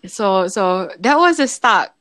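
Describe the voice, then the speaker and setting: Woman, Singaporean English accent, young adult, podcast co-host, animated storyteller, casual swearing, dry close recording. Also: mid-range voice, slow pace, no room sound. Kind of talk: casual chat.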